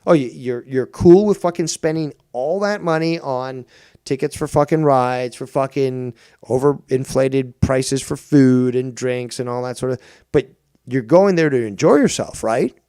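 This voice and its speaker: A man's voice: mid-range voice, measured pace, warm tone, smooth, no room sound, clean studio sound. A middle-aged man hosting a live stream, ranting with lots of swearing and mocking others in whiny put-on quotes. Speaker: streamer and show host.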